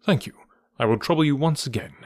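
A man voicing a composed, clever Victorian detective with a measured, dryly amused delivery in an audiobook. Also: fairly high pitch, a little mellow, no room sound, studio quality, voice pushed up, close to an everyday voice.

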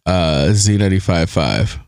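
A man's voice: sits low, measured pace, a little mellow, no echo, studio quality. A man from New Jersey with a slight East Coast accent, talking easily and conversationally as an interview guest. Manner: conversational, easygoing. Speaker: radio host, guest. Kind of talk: casual interview chat.

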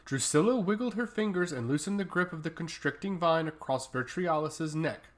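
Man, fantasy story narration, steady, dramatic, somewhat high pitch. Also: normal speed.

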